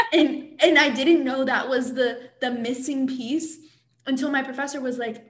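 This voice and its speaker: A woman's voice: high voice, fairly even intonation, measured pace, echoey room. A woman co-hosting a podcast, chatty and self-deprecating. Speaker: podcast co-host. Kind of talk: casual podcast chat.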